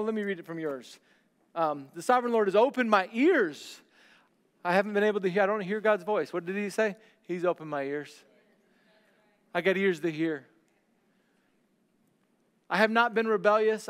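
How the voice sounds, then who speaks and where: A male pastor preaching a sermon, swinging between loud declarations and hushed, slow lines. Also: high-pitched, in a large hall.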